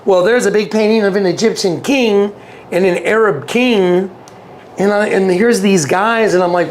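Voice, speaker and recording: A man tells a personal story as an interview guest in casual storytelling, speaking earnestly, often repeating himself and acting out quoted dialogue. His voice is high, his speed normal, with slight background noise.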